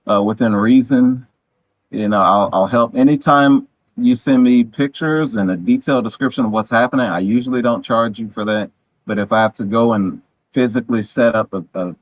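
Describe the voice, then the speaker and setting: A man with a lowish, flat, matter-of-fact voice. His sound is dry and a bit dull, like a cheap mic with the highs rolled off. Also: no room sound. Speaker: guest. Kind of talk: casual chat.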